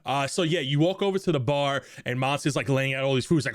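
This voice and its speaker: A man's voice: medium pitch, dry recording, studio quality. A young man running a tabletop game as game master, narrating casually with many fillers. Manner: casual narration with many fillers, puts on quick character voices.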